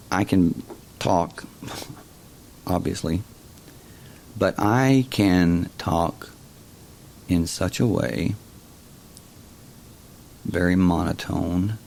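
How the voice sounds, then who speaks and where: A man hosting a casual explanatory monologue, talking slowly and haltingly, often repeating words. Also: low voice, expressive, creaky, a little mellow. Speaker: host.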